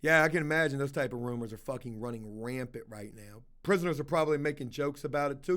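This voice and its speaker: A man's voice: medium pitch, fast talker, few pauses, a bit bright. A man streaming casual commentary, reading chat aloud, rambling and swearing freely. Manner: rambling, swears a lot, slips into put-on voices.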